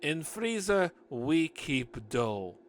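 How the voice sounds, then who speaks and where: A man's voice: fairly high pitch, very animated, extremely slow, a little hiss or hum, exaggerated voice. A man voicing a bossy older woman baker with a Russian accent, speaking in clipped, broken commands.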